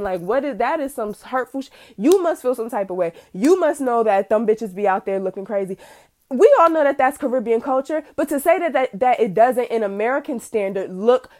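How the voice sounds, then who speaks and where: A woman's voice: a little high, lively intonation, fairly quick, a little mellow. A young woman hosting a podcast, ranting bluntly and animatedly about cancel culture with profanity and mocking asides. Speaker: podcast host. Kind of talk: casual opinion monologue.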